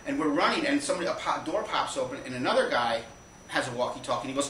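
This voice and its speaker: A man telling a rambling, anecdotal story on a small theater stage, halting and restarting as he goes. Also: medium pitch, expressive, a bit bright, a little hiss or hum. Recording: echoey live room from far off.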